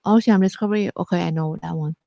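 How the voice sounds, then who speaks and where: A woman's voice: fairly low pitch, quick pace, creaky, warm tone, no echo. Woman co-host asking short questions, dry sound. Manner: short questions, simple English phrasing. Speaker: livestream co-host. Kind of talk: casual chat. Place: studio.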